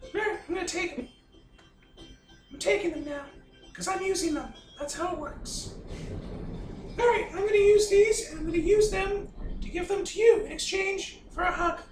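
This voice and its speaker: A woman's voice: very high-pitched, normal speed, long pauses, a little mellow, faint music behind. A woman playing a tabletop game, talking in a playful, goofy, boastful way. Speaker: tabletop player. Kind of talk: casual in-character play. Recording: roomy, distant mic with faint noise.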